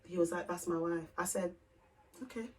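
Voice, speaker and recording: A candid young woman, a podcast co-host, tells a story in casual chat, her voice fairly low and her pace moderate. She's animated and acts out both sides of each conversation. Her voice sounds distant, off the mic.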